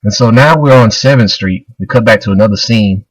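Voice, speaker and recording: A man's voice: fairly low pitch, brisk, no room sound, poor audio. A man casually retelling a manga chapter, loose and rambling, full of fillers. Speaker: manga reviewer.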